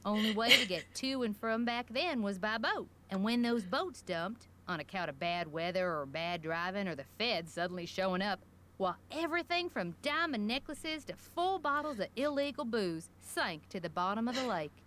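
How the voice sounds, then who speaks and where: A woman voicing a gossipy, grudge-holding small-town shopkeeper from a mystery video game, who talks in a folksy rural drawl with colorful slang. Her voice sits at a middling pitch, with faint background noise under it. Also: expressive, normal speed, fairly bright tone, lightly acted. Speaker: general store owner.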